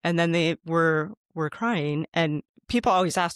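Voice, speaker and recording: Man, podcast host, earnest storyteller, slightly high voice, dry close sound. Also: moderate pace, hardly any pauses, a bit bright, clear, resonant tone, dry recording. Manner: earnest, conversational, acts out his own thoughts. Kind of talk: storytelling in conversation.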